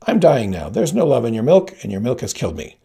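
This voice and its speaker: A man's voice: mid-range voice, sing-song, quick pace, gravelly, warm tone, husky, full character voice. Man putting on a cold accusing dream baby. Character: accusing infant, small and cold.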